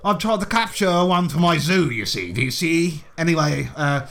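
A man's voice: fairly high pitch, expressive, normal speed, gravelly, fairly bright tone, a little hiss or hum. A man voicing a blustering, foul-mouthed male explorer and zoo owner who stammers and swears constantly, in a tabletop game. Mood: pompous.

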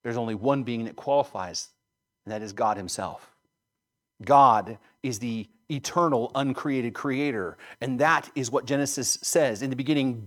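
A man preaching a sermon, emphatic, building to loud stresses and then dropping low. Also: normal speed. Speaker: pastor.

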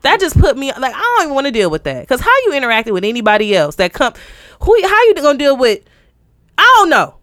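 A high-pitched woman who talks fast co-hosts a podcast with studio-quality sound and no echo. Telling a story in casual chat, she gets animated and acts out the people she's quoting.

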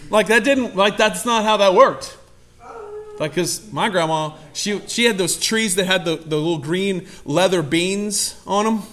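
A man preaching a sermon in an animated, conversational way, often acting out quotes. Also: moderate pace. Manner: animated, conversational, acts out quotes with sudden loud high voices. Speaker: pastor.

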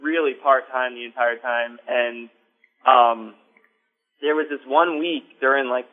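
A man's voice: medium pitch, fairly even intonation, a little slow. A man telling a story in casual chat, rambling with lots of likes and ums. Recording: phone-like line, faint music.

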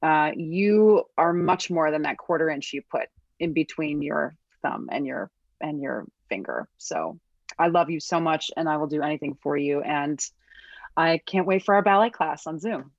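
Low-voiced woman, podcast guest, ballet dancer, warm and gushing, dry dull-sounding recording. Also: expressive, moderate pace, dry recording. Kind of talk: casual chat.

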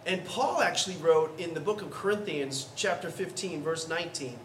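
A man, the pastor, giving a sermon in a conversational, animated storytelling way. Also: on the high side, normal speed, roomy sound, distant mic, slight background noise. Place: church sanctuary.

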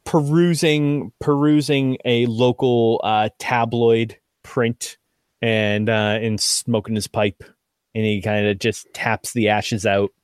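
A man acting as game master, describing scenes in a relaxed, rambling way with lots of fillers. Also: mid-range voice, slow pace, clear, resonant tone, no echo, studio quality. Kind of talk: narrating a tabletop game.

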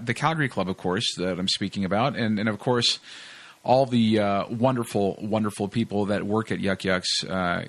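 A man's voice: fairly low pitch, fairly bright tone. A man hosting a podcast in casual chat, rambling and laid-back, with lots of fillers. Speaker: podcast host.

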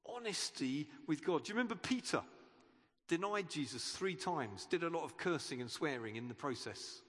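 A man's voice: on the high side, animated, brisk, fairly bright tone. Earnest preacher man in reverberant church hall. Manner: earnest, conversational, with frequent restarts. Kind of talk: sermon.

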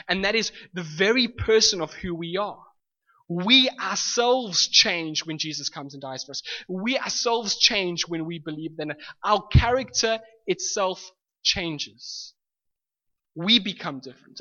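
A man's voice: high voice, pushed and bright. A man preaching a sermon in an earnest way, restating his points and coaxing the congregation to answer back. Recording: lo-fi recording with long hall reverb.

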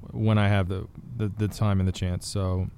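Brief: male author guest, lowish voice, jokey and rambling, faint background hum. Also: little pitch movement, moderate pace, dark tone. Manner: joking, rambling with restarts. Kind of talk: casual podcast chat.

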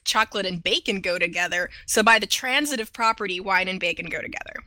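A woman from Southern California co-hosting a podcast in casual chat, jokey and quick to laugh. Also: medium pitch, sharp tone, no room sound. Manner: jokey, laughs often, talks while eating. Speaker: podcast co-host.

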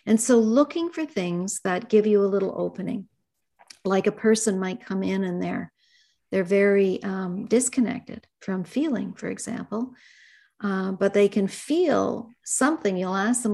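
A middle-aged woman speaks gently and reflectively as a therapist guest in an interview. Her voice has a gravelly, fry-tinged texture at an ordinary pitch. She talks in soft, thoughtful asides. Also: measured pace. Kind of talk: conversational interview.

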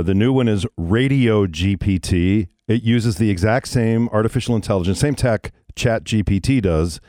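A man's voice: fairly low pitch, mellow, no room sound, studio quality. A man hosting a morning rock radio show, telling a story in a wry, conversational way. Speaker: radio host. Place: radio studio.

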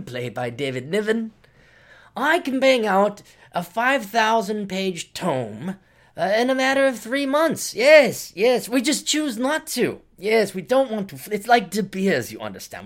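A man putting on an upper-class British accent to play a condescending, drawling British gentleman author. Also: high voice, voice pushed up. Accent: put-on upper-class British.

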